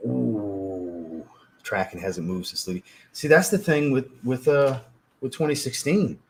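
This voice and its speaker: A man hosting a fragrance livestream, chatting casually, telling profane, animated stories and reading out chat messages. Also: medium pitch, slow pace. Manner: animated, profane storytelling, reads chat aloud. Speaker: livestream host.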